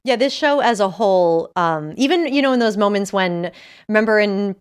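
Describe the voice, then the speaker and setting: A young woman co-hosting a casual podcast, animated and laughing often as she reads quotes aloud. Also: mid-range voice, normal speed, clean tone. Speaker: podcast co-host.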